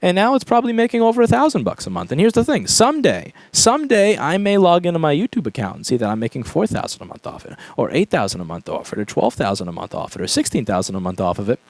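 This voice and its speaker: A man's voice: on the high side, very animated, fast, vocal fry, few pauses, no room sound. A man who runs a repair shop, giving an emphatic, profane vlog rant. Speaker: repair shop owner and YouTuber. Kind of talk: ranting vlog monologue.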